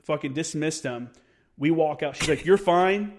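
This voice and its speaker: Profane man telling animated war stories. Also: a little high, normal speed, a little hiss or hum. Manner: profane, animated storyteller who acts out quotes. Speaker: podcast guest. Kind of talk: casual storytelling chat.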